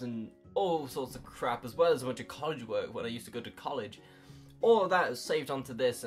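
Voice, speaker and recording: Early-twenties YouTuber, bright tone, loose rambling chat, casual swearing, laughs at self. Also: mid-range voice. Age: early 20s.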